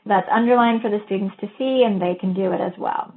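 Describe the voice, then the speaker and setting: A woman presents a teaching webinar, moving through a procedure one step at a time and now and then modeling what a teacher would say. Her voice sits at a middle pitch. The audio is thin and boxy, as if heard over a phone line. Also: a little fast, few pauses. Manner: methodical, walks through steps and models teacher talk. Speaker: webinar presenter on reading instruction. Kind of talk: explanatory lecture.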